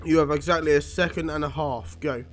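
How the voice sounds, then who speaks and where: Stern old professor barking drills, read plainly by a man, slightly higher voice. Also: steady tone, fairly quick, fairly bright tone, soft background music, lightly acted. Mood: commanding. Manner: commanding, drilling.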